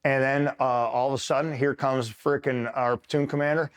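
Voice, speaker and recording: A retired Marine and interview guest from upstate New York recounts a war-buddy story at normal speed in a clean, steady, mid-range voice. He rambles casually, swears freely, and frequently checks in with the listener.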